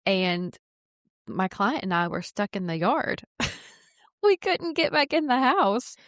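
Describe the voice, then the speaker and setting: A woman co-host tells work stories in an animated way and jumps to excited bursts as she goes. Her voice sits at a medium pitch. The recording is close and dry, with no room sound. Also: slow pace, dry recording. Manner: animated, rising to excited bursts when telling a story. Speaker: realtor and podcast co-host. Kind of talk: casual chat, telling anecdotes.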